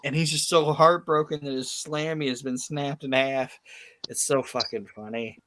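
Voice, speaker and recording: A male podcast host tells a story in swearing, emphatic casual chat. His voice sits at an ordinary middle pitch, and the recording is dry and close. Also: steady tone, normal speed, sharp tone, no room sound.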